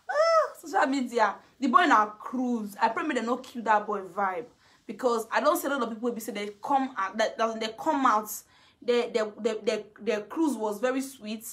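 With a fairly high, slightly bright voice, a Nigerian woman vlogger talks openly in gossipy, casual chat. She's chatty, breaks into laughter frequently, and imitates others.

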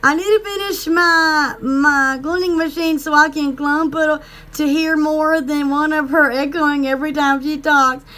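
A woman with a Southern US accent hosting a casual live stream for her online shop, giggly and excitable, rambling with lots of fillers. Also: high-pitched, unhurried. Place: home in the woods.

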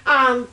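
Slow-talking Southern woman in her kitchen. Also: high voice, pushed and bright, slight background noise. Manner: chatty, rambling, with drawn-out words and many "um"s. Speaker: cooking vlogger. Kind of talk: casual cook-along chat. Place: home kitchen.

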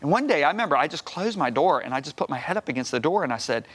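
A middle-aged man with a fairly high, sing-song voice talks at a racing pace, sounding a bit bright and slightly rough. He's a guest preacher in a Christian TV studio, energetically telling a personal testimony, repeating words and acting out conversations.

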